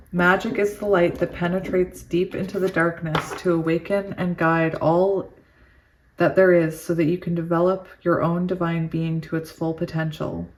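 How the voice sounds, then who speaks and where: A female tarot reader with a slightly low voice reads oracle cards aloud in a slow, soothing way, breaking into chatty, excitable asides. She is giddy and laughs often.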